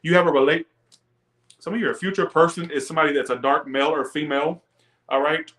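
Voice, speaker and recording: A young man reads tarot on a live stream, talking straight to his viewers. He rants in a loose, profane way and laughs along with the chat. His voice sits a little higher than most men's. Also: fast talker. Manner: ranting, profane, animated; chats with viewers, laughs often. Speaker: tarot reader.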